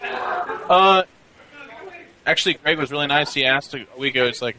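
A man guest at a LAN center, telling stories in animated, casual chat. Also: medium pitch, moderate pace, long pauses, crowd noise, low-quality recording. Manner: animated storyteller. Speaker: guest player.

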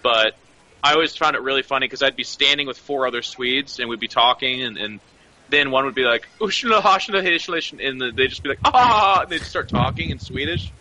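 A man telling animated, joking stories in casual panel banter. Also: medium pitch, a little fast, a little hiss or hum, low-quality recording. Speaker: esports player on a panel.

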